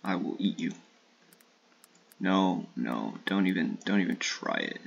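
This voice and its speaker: A man streaming a shooter game in casual live commentary, swearing and trash-talking opponents with sudden excited outbursts. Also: low-pitched, moderate pace, creaky, pauses often, slightly rough, dull audio.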